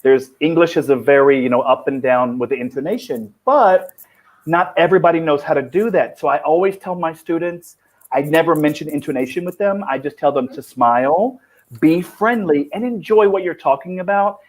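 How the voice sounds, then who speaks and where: A cheerful man who teaches English, talking casually and laughing a lot. His voice sits a little high for a man, and he slows down to explain things with patience. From foreign, living in Cambodia. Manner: upbeat, laughs often, explains slowly and patiently. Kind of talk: casual live-stream chat.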